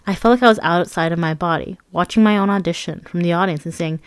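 A woman's voice: lowish voice, fast, few pauses, clean tone, dry recording. A woman narrating her own memoir with a candid, wry, conversational manner.

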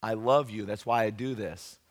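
A man voicing his stern father, speaking low and quiet before a punishment. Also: moderate pace, close to an everyday voice. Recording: long hall reverb.

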